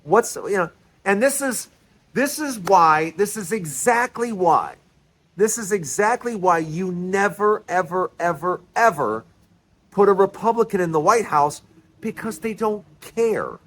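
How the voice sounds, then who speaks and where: A male vlog host delivering political commentary with a lively, swooping voice that sits a bit higher than most men's. He talks at a slow, deliberate pace, hammering his points by repeating and restarting phrases. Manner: animated, repetitive, emphatic restarts.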